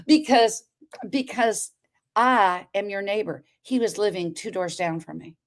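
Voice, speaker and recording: A woman telling her story on a talk show as a guest, expressive, acting out quoted dialogue and turning to address the listeners. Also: medium pitch, moderate pace.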